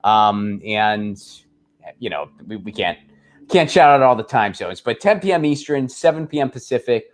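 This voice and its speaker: A man's voice: mid-range voice, expressive, moderate pace. Easygoing man with a Pittsburgh accent. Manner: easygoing, self-deprecating. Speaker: guest, comedian. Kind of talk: casual conversation.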